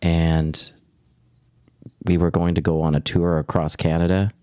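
Picture a man with a very low, deep voice, close on a dry, dead-sounding mic. He recaps a film plot in an even, steady way and trades jokes with friends. The tone is loose and casual. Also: unhurried, clear, resonant tone, no room sound. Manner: joking, reads the synopsis in a plain steady way. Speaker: podcast host.

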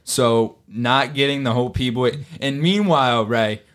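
A man's voice: mid-range voice, a little slow, fairly bright tone. A man hosting a casual sports podcast, talking animatedly and swearing, and acting out other people in exaggerated voices. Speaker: podcast host. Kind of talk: casual chat.

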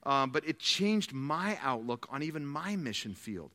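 A male pastor preaching with a bright, forceful voice and a lively, swooping delivery. He brings his stories to life by acting out the quoted lines of the people in them. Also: on the high side, unhurried, big-room sound. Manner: animated storytelling, acts out quoted dialogue. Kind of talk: sermon.

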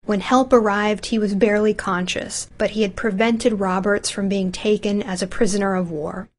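A woman narrates history from a script in a steady, measured voice. Her pitch sits in a middle range for a woman, and she reads each line evenly without rushing. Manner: even, measured reading.

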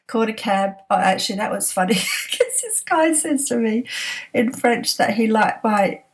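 A woman's voice: a little high, expressive, a little slow. Chatty woman, laughing as she tells. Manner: chatty, laughs often through the telling, restarts eagerly. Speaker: storyteller. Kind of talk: casual anecdote telling.

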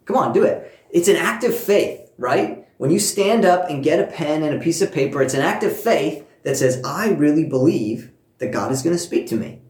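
A man preaching a sermon, telling a personal story with warmth and earnest emphasis, speaking to listeners at home. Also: on the high side, expressive, moderate pace, hardly any pauses, roomy sound. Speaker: pastor.

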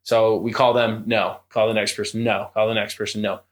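A young man casually telling a spooky story on a podcast, acting out the voices and creaking sounds. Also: fairly low pitch, brisk. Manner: animated, acts out quoted voices and creaks. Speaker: podcast co-host.

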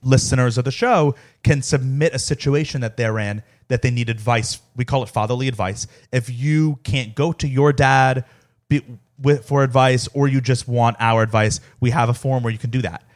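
A man's voice: medium pitch, normal speed. A man co-hosting a podcast, amused and easygoing, reading items aloud and pushing back. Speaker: podcast co-host. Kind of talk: casual podcast chat.

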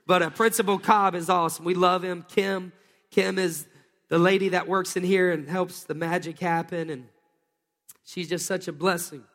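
A man, preaching a sermon in a folksy storytelling way that rises into excited bursts. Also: sits high, normal speed. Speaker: pastor. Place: church sanctuary. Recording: long hall reverb.

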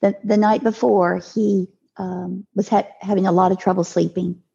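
An older woman telling a personal story as a podcast guest, in a halting way with restarts and repeated words. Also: mid-range voice, little pitch movement, gravelly, dark tone, lo-fi sound, a little hiss or hum. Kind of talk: emotional personal storytelling in an interview.

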